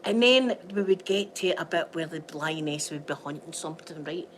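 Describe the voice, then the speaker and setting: A woman's voice: low voice, lively intonation, moderate pace, a little hiss or hum, low-quality recording. A Scottish woman from Scotland, chatting casually to viewers from home, telling rambling stories and laughing often. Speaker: vlogger. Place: at home by a window.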